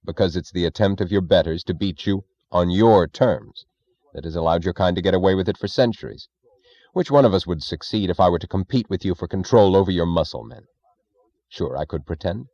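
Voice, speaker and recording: A defiant male captive, as a reader puts him on, cool and measured, very deep, dark tone, dry sound. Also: no echo, highs cut off. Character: calm, defiant male captive, unshakably confident.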